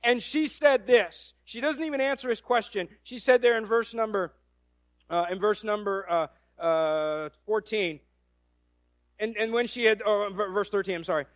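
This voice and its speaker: A man preaching a sermon, his voice sitting noticeably high for a man. He retells the story with animation, slips into quoted voices and often restarts his phrases. The sound is close and dry, with no room around it. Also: moderate pace, a bit bright, no echo.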